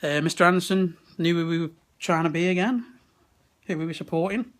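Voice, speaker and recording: A young man with a slightly high voice talks straight into a handheld camera. He chats casually, laughs easily and swears freely. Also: fairly quick, a bit bright. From West Midlands, England. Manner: chatty, laughing, swears often. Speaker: vlogger. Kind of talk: casual chat. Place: wrestling event venue. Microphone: handheld camera at arm's length.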